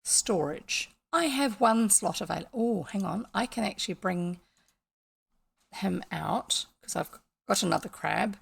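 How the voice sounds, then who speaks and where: A woman's voice: medium pitch, lively intonation, measured pace, gravelly, slightly rough. A woman with a New Zealand accent, chatting casually as she plays a video game and explains each step to her viewers. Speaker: gaming vlogger.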